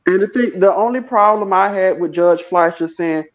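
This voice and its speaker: High voiced guy rambling on a stream, repeats stuff, dull lo-fi audio. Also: normal speed. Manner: rambling, repeats himself, laughs. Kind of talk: casual livestream chat.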